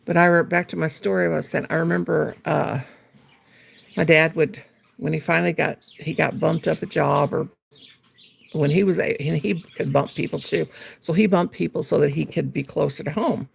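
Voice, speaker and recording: A woman on her home livestream talks as she crochets, her voice heavily gravelly with plenty of fry. The tone is husky and a little rough. She rambles through her memories and stops now and then to answer comments from her viewers. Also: deep voice, fairly even intonation, normal speed. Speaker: livestream host. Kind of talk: casual livestream chat while crocheting.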